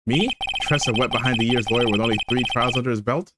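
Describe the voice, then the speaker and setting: A man's voice: medium pitch, quick pace, very noisy, close to an everyday voice. A man voicing a proud, cold young male prosecutor in a detention cell, reading his lines curtly and with scorn. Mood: scornful. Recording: loud game music behind.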